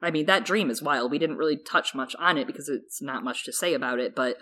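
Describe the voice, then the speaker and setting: A woman co-hosting a podcast, summarizing a book chapter and reading passages aloud in a relaxed way. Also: sits low, fairly quick. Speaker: podcast co-host.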